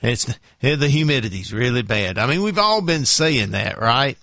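A man's voice: medium pitch, lively intonation, normal speed, vocal fry, sharp tone, no room sound, clean studio sound. A man hosting a morning radio show, chatting casually with chuckles and a lot of fillers. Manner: chuckling, rambling, with many fillers. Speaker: radio host.

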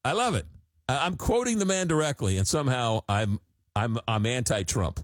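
A man hosting a call-in radio talk show, talking in an animated, exasperated way with frequent restarts. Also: medium pitch, moderate pace, no echo, studio quality.

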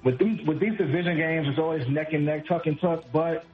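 Man, New York accent, caller, wry and gloomy, somewhat high voice, dull muffled sound. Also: fairly even intonation, fairly quick, faint music behind. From Brooklyn, New York. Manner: resigned, joking pessimism. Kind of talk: sports radio call-in.

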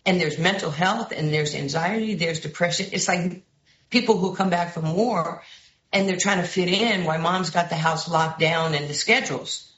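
Low-voiced woman with a New York accent, telling stories. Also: normal speed, roomy sound, lo-fi sound. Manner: lively storyteller who acts out quoted voices. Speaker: basketball head coach, guest. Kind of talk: animated storytelling interview.

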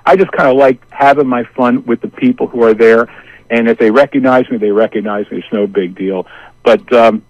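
A man in his sixties, a guest telling a family story in a rambling, animated way. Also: mid-range voice, dry recording, dull audio. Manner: animated, acts out family members' voices; rambling with many restarts and asides. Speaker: interview guest. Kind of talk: casual storytelling.

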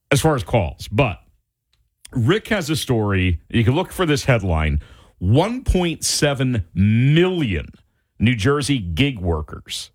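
A man's voice: lowish voice, darkish tone. A middle-aged man hosting a talk radio show, ranting in an exasperated, casual monologue.

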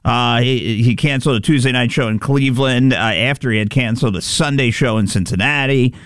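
A man's voice: medium pitch, a little fast, a bit bright, clean tone, dry recording, studio quality. A man hosting a casual comedic news chat, talking through many fillers with chuckling asides. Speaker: host.

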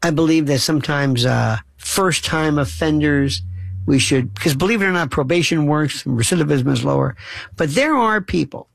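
A man's voice: on the high side, normal speed, gravelly, fairly bright tone, no echo. A middle-aged man hosting a radio call-in show, telling stories with passion and acting out the people he quotes. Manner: impassioned storytelling, acts out quoted voices. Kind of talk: talk radio monologue.

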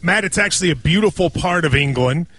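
A man in his forties hosting a sports radio show in casual banter, chatty and quick to laugh at himself. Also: on the high side, expressive, sharp tone, slightly rough, dry recording.

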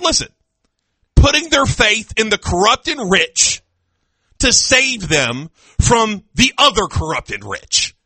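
A man in his thirties holds forth on a sports radio show, loud and animated with bursts of laughter. His voice sits high and very bright, and it swings widely in pitch. The studio sound is dry and close, right on the mic. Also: no room sound. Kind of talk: sports talk radio banter.

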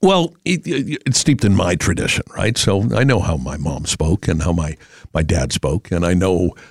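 A man's voice: deep voice, lively intonation, normal speed, a little mellow, husky, no echo, studio quality. A middle-aged man with a New England accent hosting a radio show, chatting in a rambling way with many fillers. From Massachusetts. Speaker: radio host. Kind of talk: casual talk radio.

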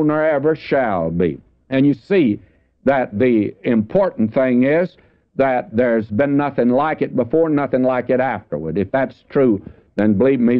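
An older man giving a folksy, emphatic sermon, explaining scripture verse by verse with asides to his listeners. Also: mid-range voice. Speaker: Bible teacher. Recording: tinny phone-like old broadcast recording.

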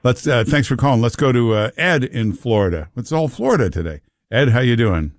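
A man's voice: medium pitch, animated, brisk, no room sound, studio quality. A man hosting a call-in talk radio show, chatty and teasing, repeating himself for emphasis. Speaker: radio talk show host taking calls. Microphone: studio microphone.

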